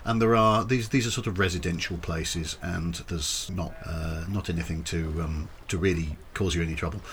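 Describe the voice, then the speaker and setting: Man, game master, low voice, bright tone, rambling narration with ums. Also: a little hiss or hum. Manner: rambling, full of ums and self-corrections, quick to laugh.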